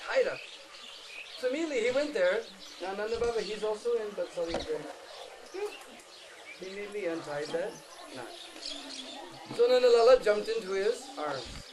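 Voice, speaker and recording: Animated high-voiced man telling a devotional story. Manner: animated, dramatic storytelling with chanted phrases. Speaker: pilgrimage speaker. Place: outdoor holy site with a group. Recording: outdoor crowd noise.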